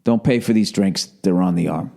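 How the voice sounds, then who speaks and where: A man's voice: sits low, brisk, creaky, mellow. A man talking in a rambling, profane monologue as a podcast host, his voice a little sore and a cough drop in his mouth.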